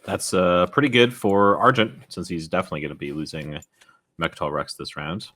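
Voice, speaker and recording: Deep, bright-toned male co-caster. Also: steady tone, brisk. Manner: laid-back, jokey. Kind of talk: casual board game commentary.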